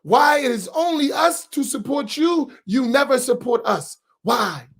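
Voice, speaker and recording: A man with an American accent, an imam preaching a sermon with rising shouts and repeated rhetorical questions. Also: extremely high pitch, expressive, unhurried. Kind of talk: impassioned sermon.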